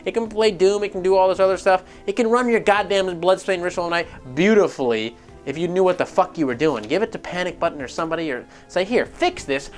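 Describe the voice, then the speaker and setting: A man hosting a gaming news show, ranting in casual, profane and sarcastic commentary. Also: high-pitched.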